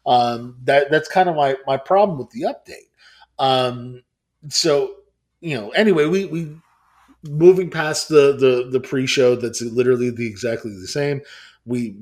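A man's voice: mid-range voice, a little mellow. Casual male podcast co-host in his thirties who rambles, restarts and swears.

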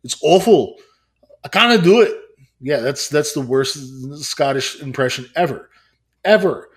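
A man's voice: on the high side, animated, measured pace. A man in his thirties co-hosting a casual podcast, talking in a rambling way with many restarts and some swearing. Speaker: podcast co-host.

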